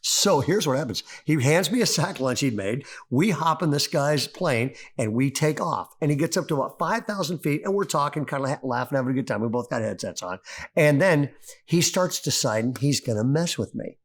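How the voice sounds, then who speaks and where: A middle-aged male pastor preaching a sermon, telling a story with rising excitement. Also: fairly high pitch, brisk, breathy edge. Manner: animated storyteller, voice climbing when excited.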